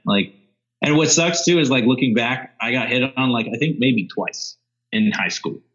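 A man's voice: mid-range voice, lively intonation, normal speed, fairly bright tone. A young man co-hosting a podcast, talking in a casual, candid and slightly hesitant way about himself. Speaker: podcast co-host. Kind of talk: casual chat. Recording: slightly dull lo-fi sound.

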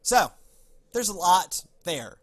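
A man's voice: high-pitched, big pitch swings, slow, no echo. A man hosting a casual podcast, chatting loosely with many fillers and reading scripture aloud. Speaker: podcast host.

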